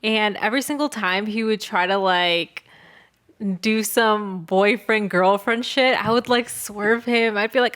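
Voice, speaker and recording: A woman's voice: medium pitch, steady tone, a little slow, fairly bright tone, clear, resonant tone. A young woman co-hosting a podcast, chatting casually, laughing often and reacting with short exclamations. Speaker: podcast co-host. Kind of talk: casual chat.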